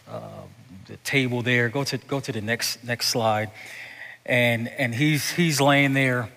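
A male pastor preaching a sermon. He repeats and restarts words and swings from hushed to loud. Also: mid-range voice. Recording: echoey hall reverb.

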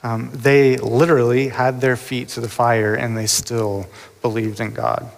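A man preaching a sermon to a congregation in an earnest, hesitant way, with many pauses and restarts. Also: medium pitch, little pitch movement, creaky. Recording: long reverb of a hall.

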